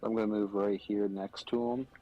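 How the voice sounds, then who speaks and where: A man describing his turn in a tabletop game. He speaks low and plainly, a bit away from the mic. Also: little pitch movement, moderate pace, dull audio. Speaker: player. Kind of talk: casual chat.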